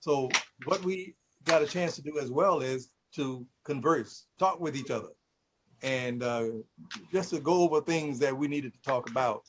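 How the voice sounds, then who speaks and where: A man's voice: medium pitch, normal speed, a bit bright, low-quality recording. A man hosting a casual conversation and telling stories with frequent laughter. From Mississippi, USA. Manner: storytelling, laughs often. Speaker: host.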